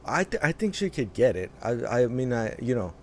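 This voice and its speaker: A man talks over a clip in casual reaction commentary, circling back and restarting his sentences as he thinks aloud. His voice sits at an ordinary middle pitch. A faint noise hangs under the recording. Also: sing-song, moderate pace, a little mellow. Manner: rambling, many restarts and fillers. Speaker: reaction host.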